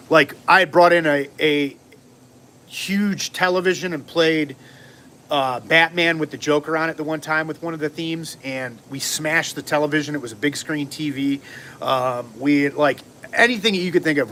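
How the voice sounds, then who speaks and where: A man tells a long, wandering story on a casual livestream, switching into quick impressions of the people in it. His voice sits a little high for a man. A faint noise hangs under the recording. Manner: rambling, animated, acts out quotes. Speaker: vlogger telling a story.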